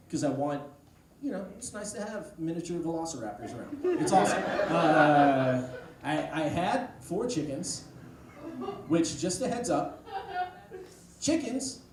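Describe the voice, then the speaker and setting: A man performs a stand-up set in a fairly high voice, drifting through a story with deadpan asides. He sounds far from the mic in a reverberant room, with clear background noise. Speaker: stand-up comedian. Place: comedy club stage. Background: audience laughter.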